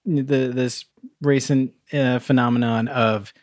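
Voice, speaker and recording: A man co-hosting a podcast in casual chat, relaxed, mostly giving short replies. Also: medium pitch, slow, dry recording, clean studio sound. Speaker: podcast co-host.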